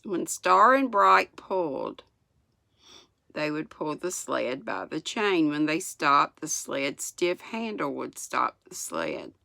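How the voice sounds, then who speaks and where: A woman in her sixties from the United States, reading a children's book aloud in an unhurried way. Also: deep voice, sing-song, vocal fry, bright, forceful tone, no echo. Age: 60s. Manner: unhurried, chuckles at the story. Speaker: storyteller.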